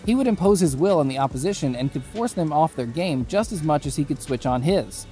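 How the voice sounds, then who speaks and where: A man reading scripted sports documentary narration in a steady, even way. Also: on the high side, fairly quick, soft background music.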